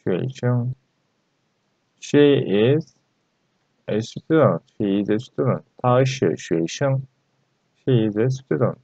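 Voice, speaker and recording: A man gives a language lesson at a slow, careful pace. He repeats each phrase and fills the pauses with hesitant fillers. The recording is dry and dull, lo-fi with little room sound. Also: medium pitch, animated, gravelly, warm tone, no room sound. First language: Turkish. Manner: halting and repetitive, many fillers. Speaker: Chinese language teacher.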